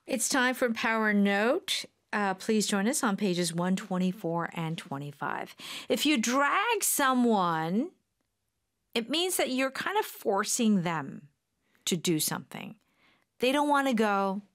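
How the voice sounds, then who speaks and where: Animated woman teaching English. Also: mid-range voice, slow. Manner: explains phrases, asks questions. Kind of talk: radio English lesson.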